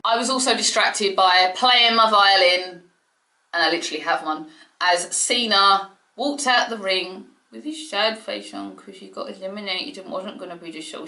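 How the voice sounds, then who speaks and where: Excitable woman gushing in a bright, echoey room. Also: mid-range voice. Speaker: wrestling vlogger. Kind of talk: casual solo review. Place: home room.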